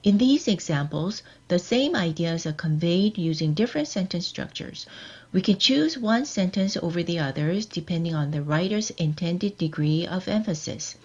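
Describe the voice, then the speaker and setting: A woman giving a scripted workshop lecture on editing, measured and explanatory, quizzing her audience. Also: on the low side, expressive, darkish tone, slightly rough, dull audio.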